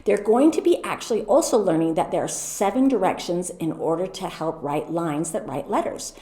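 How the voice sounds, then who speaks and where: A middle-aged American woman explaining classroom routines to teachers in a clear, patient way, sounding out words slowly. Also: fairly low pitch, lively intonation, dark tone. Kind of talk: teacher training presentation. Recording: echoey room.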